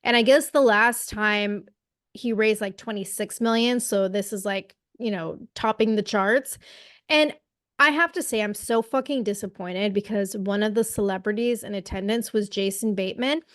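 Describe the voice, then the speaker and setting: A woman's voice: medium pitch, moderate pace, fairly bright tone, no echo, clean studio sound. A woman co-hosting a political podcast, talking bluntly and indignantly with plenty of swearing. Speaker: podcast co-host. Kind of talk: casual political chat.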